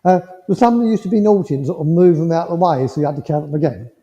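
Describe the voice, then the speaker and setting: A gentle, reassuring man gives a mediumship demonstration, his voice high and dark in tone. The sound is dull and muffled, and it rings with the long reverb of a village hall. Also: racing. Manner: gentle, reassuring, checks in with "yeah?" often.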